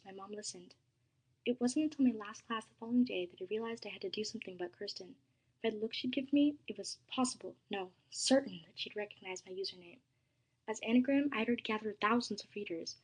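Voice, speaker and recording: Breathy woman narrating a story. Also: a little high, fast, poor audio. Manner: soft, dramatic reading with hushed passages. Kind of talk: scripted first-person story narration.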